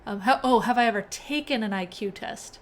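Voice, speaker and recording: A woman's voice: a little high, a little fast, slight background noise. A young woman hosting a casual live-coding stream, chatting with viewers and often laughing. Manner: chatty, reads chat aloud, laughs often.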